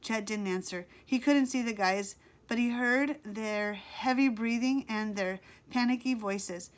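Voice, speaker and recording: Reading a children's story aloud, this woman uses a fairly high-pitched voice and a slow, expressive pace. She performs as an audiobook narrator in storybook fashion.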